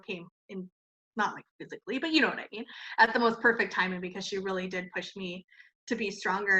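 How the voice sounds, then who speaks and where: Bright, chatty woman telling a story. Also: medium pitch. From Canada. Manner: animated, laughing often, many "like" fillers. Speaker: cosmetics company founder, guest. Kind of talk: casual storytelling in an interview. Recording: muffled lo-fi sound.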